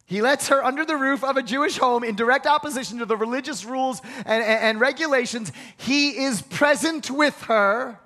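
A man's voice: very high-pitched, moderate pace, hardly any pauses, pushed and bright. A man preaching a sermon, building to emphatic peaks and repeating key phrases. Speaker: pastor. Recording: long hall reverb.

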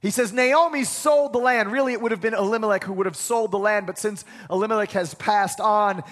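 A man's voice: high voice, steady tone, fast, in a large hall. A male pastor preaching a sermon in a conversational way, with acted-out asides, in a church sanctuary.

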